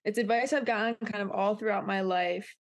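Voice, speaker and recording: A young woman in a casual podcast conversation, earnest and reflective. Her voice is mid-pitched, and she livens up when she tells her own stories. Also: fairly even intonation, a little fast. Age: young adult. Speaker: podcast co-host.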